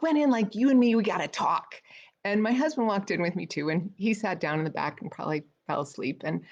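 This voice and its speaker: A woman's voice: on the low side, vocal fry. A middle-aged woman telling a personal story in a casual live video, chatty, with lots of fillers and restarts. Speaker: speaker trainer hosting a weekly live video. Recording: slightly dull, lo-fi sound.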